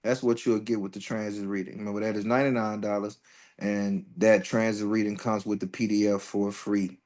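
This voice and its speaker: A man's voice: fairly low pitch, level tone, a little fast, darkish tone. A man teaching an astrology workshop in a loose, profane, joking way. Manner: loose and profane, jokes and laughs between readings. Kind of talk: casual astrology workshop talk.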